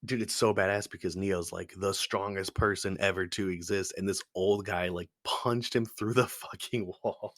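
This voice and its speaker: A man's voice: low-pitched, steady tone, normal speed, few pauses, fairly bright tone, dry recording, clean studio sound. A man co-hosting a podcast, chatting casually about movies, laid-back, swearing and laughing often. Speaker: podcast co-host.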